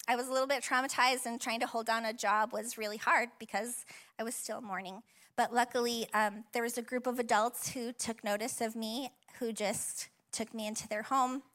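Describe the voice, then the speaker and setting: Bright-voiced woman pastor, tearful and tender. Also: fairly high pitch, steady tone, moderate pace. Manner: emotional, tearful at times, warm and encouraging; conversational with frequent fillers and laughs. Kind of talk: personal testimony sermon. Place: church auditorium.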